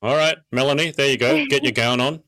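A man's voice: medium pitch, steady tone, fairly quick, a crowd in the background. Playful man hosting a podcast. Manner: playful, teasing. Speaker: podcast host. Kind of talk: casual podcast chat.

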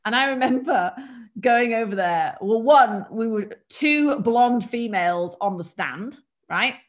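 A woman with a mild English accent, a guest telling work stories in a chatty, animated way. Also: on the high side, unhurried. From England. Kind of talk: casual storytelling.

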